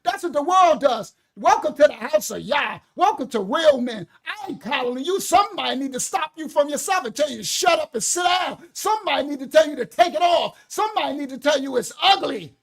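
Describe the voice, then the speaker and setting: A man preaching a fiery sermon, loud and shouting. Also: very high voice, expressive, fairly quick, few pauses.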